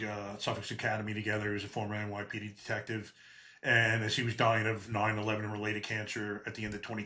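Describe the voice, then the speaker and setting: Host, ex-cop, bright forceful voice, lowish, swears freely in anecdotes. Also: male voice. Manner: blunt, profane storyteller. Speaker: podcast host, retired police officer. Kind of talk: conversational interview.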